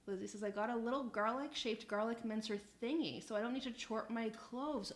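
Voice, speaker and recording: A chatty young woman on a live stream, reading viewer messages aloud and answering them offhand. She laughs often and swears casually, with a voice that sits a little high. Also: brisk, few pauses.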